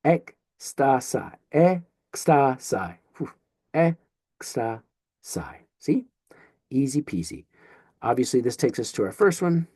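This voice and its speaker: A man's voice: mid-range voice, big pitch swings, moderate pace, long pauses, mellow, husky, no echo, studio quality. A man teaching a recorded Greek lesson, explaining in a playful, jokey way and sounding out syllables as he goes.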